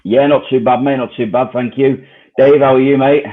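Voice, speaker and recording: English host on tinny phone-like audio. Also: male voice, mid-range voice, steady tone, normal speed. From England. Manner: friendly, repeats himself. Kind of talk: casual chat.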